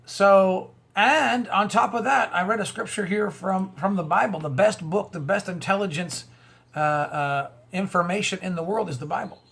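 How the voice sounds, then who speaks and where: A man's voice: sits high, normal speed, gravelly, fairly bright tone, slightly rough. A man hosting his own video, delivering a rambling commentary monologue full of rhetorical questions, repeated words and chuckles. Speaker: online video host. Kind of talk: conspiracy and religious commentary monologue.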